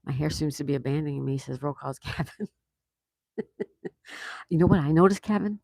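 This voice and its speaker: A man's voice: on the high side, brisk, creaky, dark tone, no echo. A man hosting a casual livestream, reading viewer comments aloud and reacting with easy laughs. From United States. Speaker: livestream host reading chat. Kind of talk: casual live chat.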